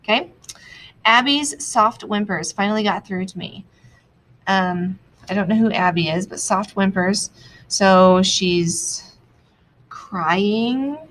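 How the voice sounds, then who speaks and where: A young adult woman teaching, annotating a text aloud as she reads, thinking out loud with many pauses. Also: mid-range voice, a little hiss or hum, low-quality recording.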